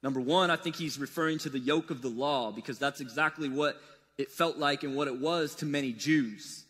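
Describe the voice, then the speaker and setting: A man preaching a sermon in a loose, conversational way, swinging between loud and soft. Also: brisk, breathy edge. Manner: casual, conversational preaching with wide swings in pitch and loudness. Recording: long reverb of a large hall.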